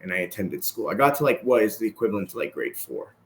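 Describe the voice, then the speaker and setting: A man's voice: fairly low pitch, quick pace. Canadian man in a roomy echo. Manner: relaxed, tags sentences with "right?". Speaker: podcast guest, martial arts instructor. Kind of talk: casual conversational storytelling.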